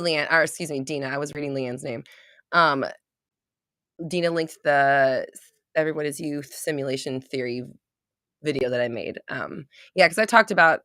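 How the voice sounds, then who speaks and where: Low-pitched young woman host, chatty, laughs a lot, reads out comments; dry close mic. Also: creaky, fairly bright tone, no room sound. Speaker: livestream host. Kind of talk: casual live stream chat.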